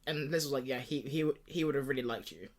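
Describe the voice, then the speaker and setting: A man co-hosting a film podcast, pitching a movie plot in casual chat. He acts out the characters' lines in quick voices and laughs often. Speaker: podcast co-host.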